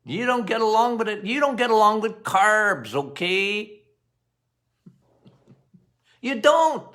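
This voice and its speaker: A middle-aged man, a doctor hosting a health podcast, talking straight to his listeners in an animated way, going off on tangents and repeating phrases for emphasis. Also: high voice, moderate pace. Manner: animated, talks straight to listeners, quotes patients in playful voices.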